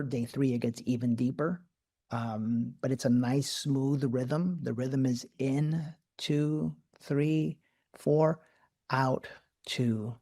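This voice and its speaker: Host, male, live spiritual talk; excitable, swears freely, rapid repeated yeses. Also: medium pitch, creaky. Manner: animated, profane, repeats words in bursts.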